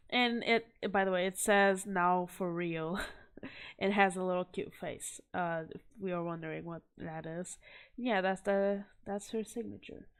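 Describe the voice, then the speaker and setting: A woman's voice: on the low side, clear, resonant tone. A young woman chatting casually to camera as she shows off art she collected, rambling and poking fun at herself. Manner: rambling, self-deprecating, chatty. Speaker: vlogger showing art.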